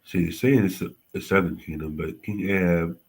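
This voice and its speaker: A man hosting a casual livestream history lesson, halting and often correcting himself. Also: sits low, husky. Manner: halting, frequent self-corrections and apologies. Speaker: host teaching history on a livestream.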